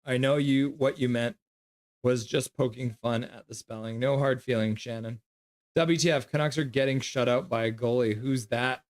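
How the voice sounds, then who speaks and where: A man's voice: medium pitch, steady tone, normal speed. Male streamer, casual live reaction host, reads viewer comments and calls the action loosely. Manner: reads viewer chat aloud by name, mixed with loose play-by-play.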